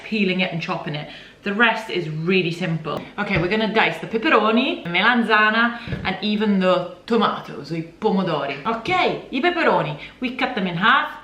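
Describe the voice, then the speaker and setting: A woman's voice: medium pitch, animated, normal speed, sharp tone, slight background noise. A woman from Italy hosting a casual cooking demonstration in a home kitchen, chatty and slipping Italian words into her English. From Italy, grew up in Milan. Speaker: cooking video host. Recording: echoey kitchen with background music.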